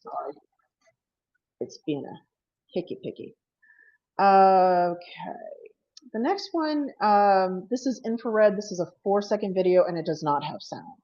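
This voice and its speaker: A woman's voice: medium pitch, lively intonation, a little slow, pauses often, warm tone, highs cut off. A woman presenting her paranormal investigations at an online panel, chatty and apologetic, laughing often. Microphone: video call.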